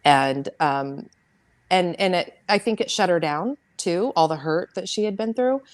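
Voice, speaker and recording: Middle-aged woman, deep register, dry close sound, earnest halting interview guest. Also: expressive, no echo. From United States. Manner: earnest, halting, repeats words. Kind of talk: emotional personal storytelling.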